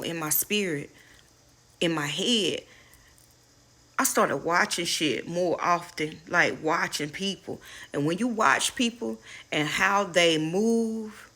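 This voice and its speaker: A woman's voice: lowish voice, fairly bright tone. A middle-aged woman casually sharing life lessons with her viewers, candid and preachy, swearing freely and calling them y'all. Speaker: spiritual advisor and channel host. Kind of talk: casual inspirational talk to viewers.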